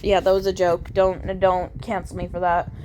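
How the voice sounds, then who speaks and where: A woman's voice: fairly low pitch, completely flat delivery, moderate pace, darkish tone, slight background noise. A woman who is sick, reading a detective game aloud with self-mocking asides and frequent stumbles over words. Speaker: gaming video creator. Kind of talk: casual game playthrough commentary.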